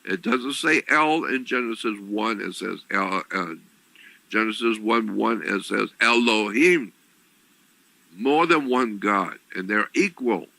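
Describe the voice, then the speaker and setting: A man giving an explanatory talk on religion, deliberate and repetitive, often clearing his throat. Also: lowish voice, bright, forceful tone, no echo, rough recording. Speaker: lecturer on religion.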